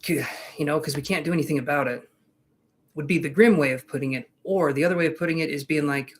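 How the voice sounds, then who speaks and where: A man's voice: fairly high pitch, fast. A man giving tarot readings on a live stream, chatting casually with viewers in a jokey, reassuring way. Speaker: tarot reader.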